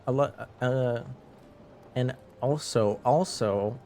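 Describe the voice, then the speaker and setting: A man's voice: mid-range voice, slow, warm tone, a little hiss or hum. A man chatting casually with viewers on a live stream, rambling, laughing and restarting his sentences.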